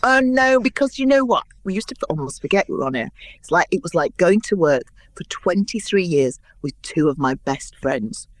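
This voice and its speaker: A woman in her sixties, a guest in an interview, telling anecdotes in a lively way and acting out what others said. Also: fairly low pitch, normal speed, dry recording. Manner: lively anecdotal storyteller, acts out quotes. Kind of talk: interview storytelling.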